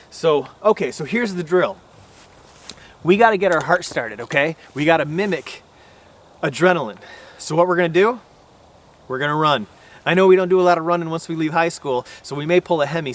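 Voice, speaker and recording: A man's voice: fairly high pitch, a bit bright. A man hosting a bowhunting vlog outdoors, explaining in a folksy, rambling way. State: out of breath after running. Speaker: bowhunting channel host. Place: outdoors at an archery range.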